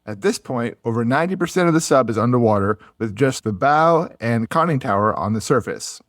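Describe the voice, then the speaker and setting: A man's voice: medium pitch, brisk, no room sound. Dry-sounding man telling a story. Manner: animated, playful storytelling with goofy whoops. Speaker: podcast co-host. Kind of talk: casual history storytelling.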